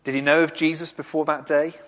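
A man preaching a gentle, reflective sermon, speaking in short pauses. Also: fairly high pitch, flat delivery, in a large hall. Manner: gentle, reflective, pausing often.

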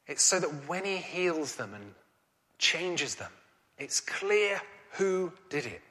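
A man preaches with earnest conviction, his questions lifting into emphasis. His voice sits a little high and rings bright and forceful. A long reverb trails behind him, as in a church hall. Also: big pitch swings, slow pace. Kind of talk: sermon.

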